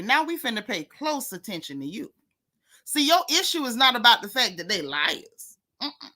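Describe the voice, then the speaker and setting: A woman's voice: high-pitched, very animated, moderate pace, sharp tone. A woman hosting a casual gossip livestream, sassy and mocking as she talks straight to her viewers. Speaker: host of a gossip channel.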